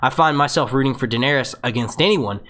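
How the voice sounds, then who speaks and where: A man hosting a fan review show rambles through a live Q&A breakdown, reading out viewer questions and restarting his sentences. His mid-range voice is fast and a bit bright. He's recording from a home setup with a phone nearby.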